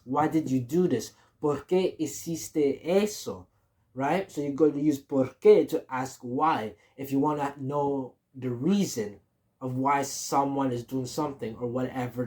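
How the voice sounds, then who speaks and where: Casual Spanish teacher repeating phrases slowly. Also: medium pitch, a little mellow. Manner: repeats example phrases slowly, keeps asking "right?". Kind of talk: casual beginner language lesson.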